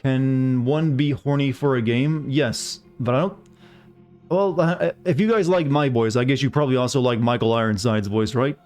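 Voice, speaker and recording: A man's voice: mid-range voice, moderate pace, darkish tone. Chatty male game streamer, faint music. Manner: rambling, chatty, greets viewers by name. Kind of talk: casual chat with live viewers.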